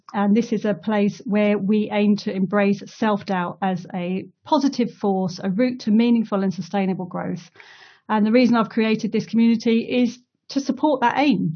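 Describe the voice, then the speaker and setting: A woman with a husky, mid-range voice hosts a casual online community interview over a video call, heard through lo-fi audio. She's chatty, laughs easily and fills her speech with lots of fillers.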